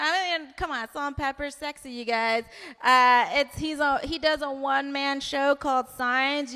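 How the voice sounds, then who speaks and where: A woman's voice: sits high, sharp tone, smooth. Giggly woman host introducing comics. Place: comedy club stage. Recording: live stage mic in long hall reverb.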